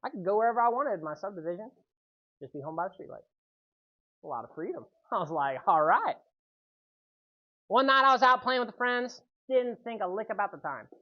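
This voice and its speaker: Animated man giving a youth sermon. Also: sits high, quick pace, highs cut off. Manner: animated storytelling, keeps checking in with "right?". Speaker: youth speaker. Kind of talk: youth sermon with personal story.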